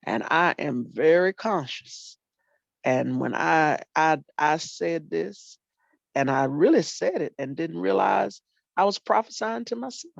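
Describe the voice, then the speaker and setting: An older woman, a retired teacher and librarian, telling animated stories about her students in casual talk and acting out what people said. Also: low voice, a little slow, gravelly, no room sound. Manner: animated storyteller, acts out quotes, folksy Southern phrasing. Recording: dull lo-fi dry sound.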